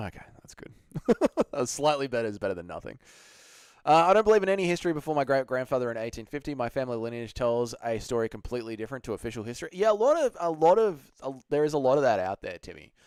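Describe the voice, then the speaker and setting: A man's voice: medium pitch, big pitch swings, quick pace, darkish tone, smooth, dry recording, clean studio sound. Swearing, laughing streamer man. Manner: swears freely, laughs a lot, answers chat. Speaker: livestream host. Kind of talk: casual livestream chat.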